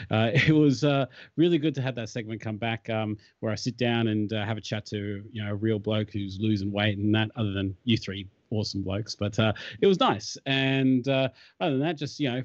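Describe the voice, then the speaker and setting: A man's voice: medium pitch, no room sound. A man chats on a casual podcast, easygoing and full of ums and uhs. His voice sounds dry and dull, like a lo-fi stream. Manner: easygoing, hesitant with many fillers. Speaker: co-host. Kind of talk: casual chat.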